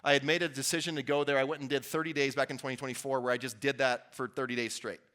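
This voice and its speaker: A man's voice: mid-range voice, level tone, fast talker, fairly bright tone. A man giving an earnest, conversational motivational talk to a live audience as a workshop speaker, with restarts and asides to the crowd. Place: event venue before an audience.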